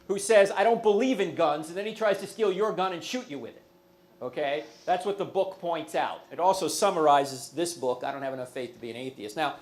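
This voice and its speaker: A man giving a lively, humorous lecture as guest speaker, often checking in with his audience. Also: on the high side. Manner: humorous, asks the audience questions.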